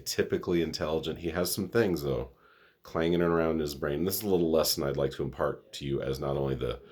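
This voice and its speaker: Very deep husky middle-aged man. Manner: earnest, rambling, self-correcting. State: sniffly. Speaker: vlog host. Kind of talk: casual monologue to camera.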